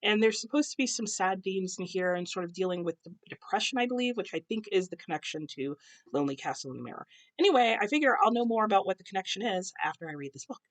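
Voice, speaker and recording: A young American booktuber talks about books to the camera at home while her husband cooks nearby. Her medium-pitched voice is expressive and fast, sprinkled with many ums and self-corrections.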